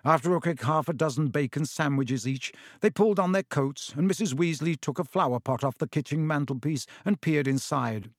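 A man narrating a fantasy audiobook in a measured, steady storytelling manner. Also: on the high side, no room sound, studio quality.

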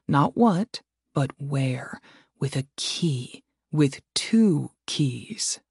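A man's voice: a little high, lively intonation, drawn-out words, gravelly, darkish tone, breathy edge, no echo. Man narrating a fantasy audiobook, dry.

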